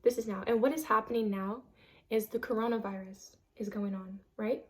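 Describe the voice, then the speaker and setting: A woman's voice: mid-range voice, fairly even intonation, moderate pace. A woman giving an earnest, emphatic self-help talk on a vlog, repeating phrases for stress. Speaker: vlogger.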